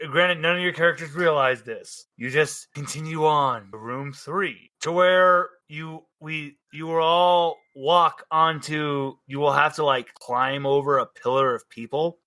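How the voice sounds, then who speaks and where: A man narrating as game master, laughing often and tossing in quick character voices. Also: fairly high pitch, pushed and bright.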